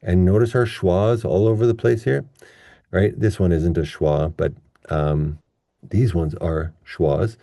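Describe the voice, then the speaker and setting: A man with a low, dark, mellow voice teaches English pronunciation in a relaxed, chatty online lesson. He speaks at an unhurried pace and stretches words out slowly when he demonstrates them. The recording is dry and close-miked. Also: creaky, no echo.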